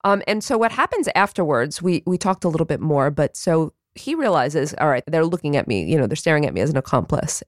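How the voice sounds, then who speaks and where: A woman's voice: deep voice, no echo, studio quality. A woman hosting a podcast, earnest and opinionated, often restarting her sentences. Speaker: podcast host. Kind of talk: conversational podcast discussion.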